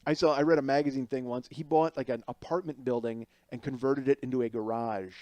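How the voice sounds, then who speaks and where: A man's voice: medium pitch, steady tone, fairly quick, a little mellow, no room sound. A man hosting a podcast, riffing in a rambling, sarcastic comic monologue full of restarts and asides. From Chicago area. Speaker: podcast host. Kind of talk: casual comedic monologue.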